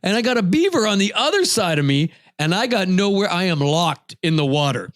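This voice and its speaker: A man telling a story on a podcast, his voice swinging widely and jumping up high as he relives the moment. He speaks a touch high for a man, close to the mic in a dry, dead room. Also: a little fast, no echo. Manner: animated, voice jumps high when retelling his shouts. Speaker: podcast co-host. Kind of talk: casual storytelling.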